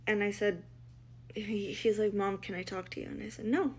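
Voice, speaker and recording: With a mid-range, slightly rough voice, level in tone and moderate in pace, a middle-aged woman recounts her family's story as a mother. She's emotional and blunt, quotes others in acted-out dialogue, and restarts often.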